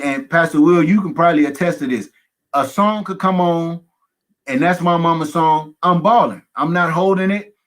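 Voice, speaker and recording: Emphatic man with a higher voice. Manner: emphatic, repeats phrases in runs; folksy, humorous asides. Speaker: pastor, guest. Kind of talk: candid conversational testimony.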